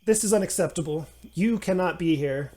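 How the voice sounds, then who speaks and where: A man's voice: on the high side, unhurried, a little mellow, lightly acted. A man doing a stern, commanding fey woman. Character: stern fey woman posing as an old nanny.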